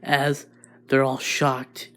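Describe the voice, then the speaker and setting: A man's voice: mid-range voice, completely flat delivery, drawn-out words, fairly bright tone. A man improvising a fan-fiction story, rambling with many restarts.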